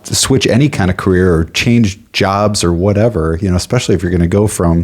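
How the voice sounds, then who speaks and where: A man's voice: low-pitched, fast, a little mellow. A man hosting a casual interview, asking questions and reacting encouragingly. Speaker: host.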